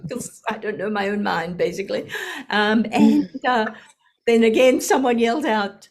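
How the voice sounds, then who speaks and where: A woman's voice: a little high, unhurried. An older woman sharing a personal story, laughing often and acting out the voices in her quotes.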